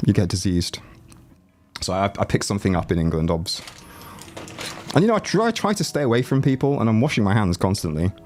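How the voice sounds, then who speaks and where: A man's voice: lowish voice, sing-song, a little fast, long pauses, darkish tone, slight background noise. Sick man with a rattly voice. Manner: rambling, joking, chats with viewers. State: sick with a chest cold, rattly voice. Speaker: livestreaming YouTuber. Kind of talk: casual livestream chat. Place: home. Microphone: desk mic, no headphones.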